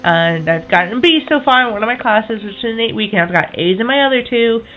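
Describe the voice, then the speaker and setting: Chatty young woman with a high voice. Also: expressive, dull audio. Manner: chatty and enthusiastic, with quick self-correcting asides. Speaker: vlogger. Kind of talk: casual chat to camera.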